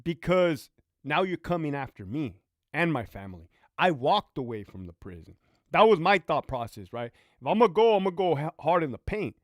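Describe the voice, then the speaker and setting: A man's voice: on the high side, very animated, moderate pace, dry recording, clean studio sound. A man hosting a casual livestream, talking profanely and reading out viewer comments. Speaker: livestream host, former prison officer.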